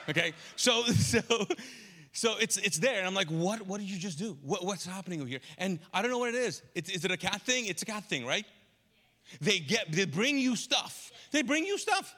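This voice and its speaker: A man preaching a sermon as a pastor, telling a comic story with lively quoted asides, recorded live in a church. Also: high-pitched. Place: large church auditorium. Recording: live church hall reverb.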